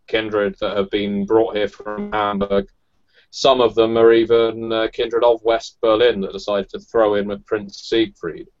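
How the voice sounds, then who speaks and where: A man narrating as game master in a tabletop role-playing game, measured and hesitant with fillers. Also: on the low side, a little mellow, dull audio.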